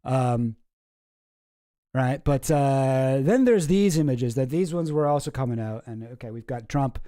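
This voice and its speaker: A man's voice: medium pitch, measured pace, warm tone, no echo, clean studio sound. A man hosting a casual comedic commentary video, talking in a rambling, wry way and often cutting himself off mid-sentence. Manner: rambling, self-interrupting, wry. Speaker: YouTube commentary host.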